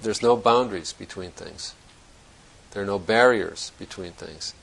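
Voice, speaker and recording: Low gravelly-voiced man giving a dharma talk. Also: measured pace, fairly bright tone, poor audio. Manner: reflective, searching, conversational with restarts. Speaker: Zen teacher.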